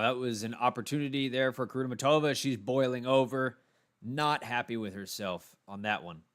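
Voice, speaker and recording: Calm Texan man calling tennis play-by-play. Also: mid-range voice. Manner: calm play-by-play with brief asides. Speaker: tennis commentator. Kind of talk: live solo watchalong commentary.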